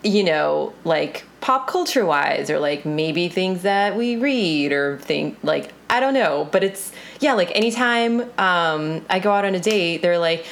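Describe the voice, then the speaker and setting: A woman's voice: lowish voice, animated, measured pace, vocal fry, few pauses. A young woman chatting casually about dating, musing aloud with many fillers and restarts. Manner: hesitant, filler-laden musing. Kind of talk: casual chat.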